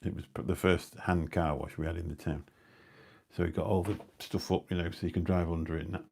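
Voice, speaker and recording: Low gravelly middle-aged man rambling. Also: little pitch movement, fairly quick, a little mellow, a little hiss or hum. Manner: rambling anecdotal storytelling with dry asides. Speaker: live-stream host. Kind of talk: casual rambling chat. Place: indoors at home. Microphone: new phone or mic on a live stream.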